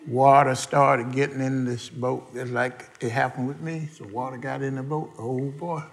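A man's voice: medium pitch, fairly even intonation, normal speed, a little hiss or hum. A man preaching a sermon, quizzing the congregation with questions and folksy asides, in everyday dialect grammar.

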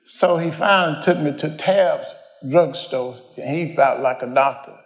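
A man's voice: fairly high pitch, measured pace, echoey room. An older man, preaching a folksy storytelling sermon, rambling and homespun as he addresses the congregation.

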